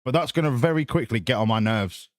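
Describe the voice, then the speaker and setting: A man's voice: mid-range voice, fast, no room sound, clean studio sound. Sarcastic, sweary male streamer. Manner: sarcastic, sweary, mock-lecturing rants. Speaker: streamer chatting with viewers. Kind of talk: casual live-stream chat.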